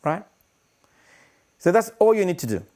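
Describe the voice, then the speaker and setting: A man teaching breathwork in a live-streamed lesson, animated, demonstrating breaths with audible sighs. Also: sits high, normal speed.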